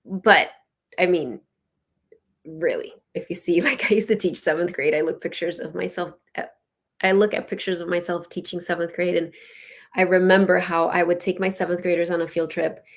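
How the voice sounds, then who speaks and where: A woman hosting her own show, giving a casual spiritual teaching in an earnest, storytelling way with many "like"s and "you know"s. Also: lowish voice. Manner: earnest, with soft laughs. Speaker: host and spiritual leadership teacher.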